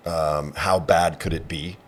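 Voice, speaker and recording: A man on a casual podcast as a comedian guest, telling a personal story in a halting way with many fillers and restarts. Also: a bass voice, steady tone, a little hiss or hum.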